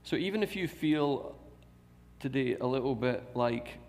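A man's voice: medium pitch, lively intonation, measured pace, a little mellow. Man preaching in a reverberant hall. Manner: repeats key phrases and asks rhetorical questions. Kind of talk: sermon. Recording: long reverb of a large hall.

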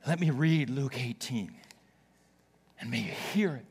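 A man's voice: mid-range voice, unhurried, creaky, pauses often, slightly rough. Storytelling male pastor, echoing hall. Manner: storytelling with playful asides to the congregation. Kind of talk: sermon. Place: church.

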